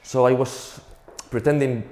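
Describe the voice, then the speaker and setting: A man's voice: mid-range voice, fairly even intonation, measured pace, mellow, reverberant. A young man from Spain with a Spanish accent, telling a profane, self-mocking stand-up comedy routine.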